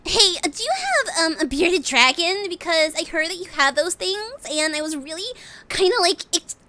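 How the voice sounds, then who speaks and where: A woman's voice: very high-pitched, big pitch swings, moderate pace, bright, forceful tone, voice pushed up, full character voice. A woman voicing an eager young dragon girl maid making a rambling prank call.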